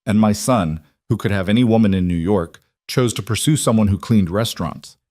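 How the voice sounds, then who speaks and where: A man's voice: lowish voice, fairly quick, a little mellow, no echo, close to an everyday voice. A man voicing a refined, coolly probing mafia matriarch in her sixties with a faint old Italian accent, raised above his own register. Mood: interrogating.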